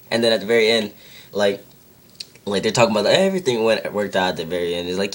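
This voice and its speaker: A man's voice: fairly low pitch, fast. A young man casually retelling videos in a rambling way, full of "like"s and self-corrections. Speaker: vlogger.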